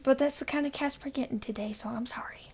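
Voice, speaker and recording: Casting: woman podcast co-host, a little high-pitched with a gravelly fry, tired deadpan delivery, rambling with fillers. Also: fast. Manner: rambling with frequent fillers and laughs. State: recovering from illness. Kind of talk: casual podcast chat.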